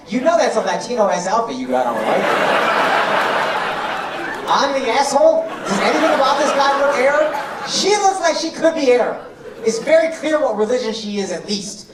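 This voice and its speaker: A man's voice: extremely high pitch, big pitch swings, brisk, far from the mic, very noisy. A male comedian doing crowd work on stage, with brash, profane, teasing banter aimed at the audience. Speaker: stand-up comedian. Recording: roomy club with loud audience laughter. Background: audience laughing.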